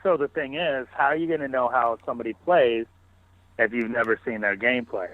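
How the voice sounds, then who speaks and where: Man, podcast guest, animated casual storytelling, tinny phone-line sound, dry. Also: medium pitch, fairly quick, no room sound. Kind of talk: casual interview talk.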